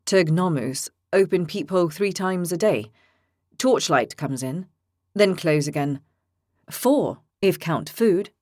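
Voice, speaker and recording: A woman voicing a cheerful imprisoned man who talks in halting, broken short phrases. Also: lowish voice, animated, a little mellow, no echo, studio quality.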